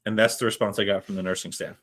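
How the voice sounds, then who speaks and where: A middle-aged man with a fairly low voice spins a story from his paramedic work in a relaxed podcast chat. His delivery is loose and anecdotal, and he swears freely as he goes. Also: racing. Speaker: podcast co-host.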